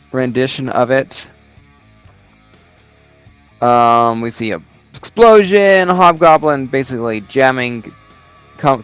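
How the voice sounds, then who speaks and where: A man's voice: medium pitch, fairly bright tone, smooth, no echo, rough recording. Casual male reviewer, filler-heavy recap, dry close sound. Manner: rambling recap full of "you know" and "uh". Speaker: comic book reviewer.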